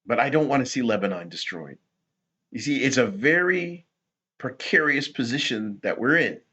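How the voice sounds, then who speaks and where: A man hosting rambling political commentary, talking in a rhetorical, animated way. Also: medium pitch, normal speed, slightly rough, dull audio. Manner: animated, rhetorical, laughs at his own points.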